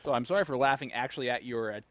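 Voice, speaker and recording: A man's voice: medium pitch, racing, a bit bright, no echo. A man commentating live darts, chatty and joking as he reads out player stats.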